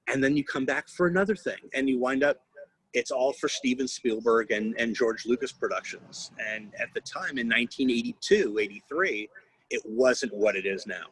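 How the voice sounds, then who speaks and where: A man's voice: medium pitch, normal speed, fairly bright tone, breathy edge, poor audio. A man in his fifties, a guest voice actor, telling rambling stories on a video call, restarting often and laughing. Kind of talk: casual anecdotal interview.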